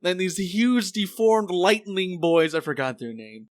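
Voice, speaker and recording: A man's voice: high voice, unhurried. A man co-hosting a casual podcast, animatedly retelling an anime episode and acting out the characters. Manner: animated storytelling, acts out the characters' lines. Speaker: podcast co-host. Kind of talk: casual chat recapping an anime.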